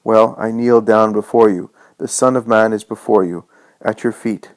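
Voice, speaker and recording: A man voicing Jesus as a gentle, loving savior, speaking in a solemn, tender way. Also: fairly low pitch, fairly even intonation, moderate pace, no room sound, natural voice, poor audio.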